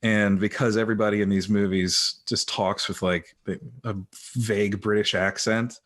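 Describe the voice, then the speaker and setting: Laid-back guest actor with a low voice. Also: male voice, steady tone, normal speed, fairly bright tone. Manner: laid-back, self-deprecating storyteller. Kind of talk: casual interview chat.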